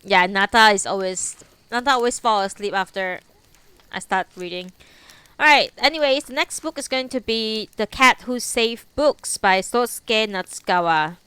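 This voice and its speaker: A woman's voice: medium pitch, normal speed, bright, forceful tone, clean tone, no echo. A young woman streaming live, chatting and giggling with her viewers between book readings, still teary after crying. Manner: giggly, chatty, talks back to chat. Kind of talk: casual chat between readings.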